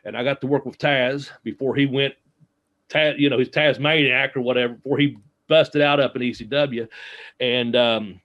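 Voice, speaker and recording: A man's voice: medium pitch, fairly even intonation, normal speed, fairly bright tone, highs cut off. Male interview guest, casual storyteller, mid-range voice, loose and chatty with frequent fillers. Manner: rambling anecdotes with many fillers and quoted dialogue. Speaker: interview guest, former wrestler.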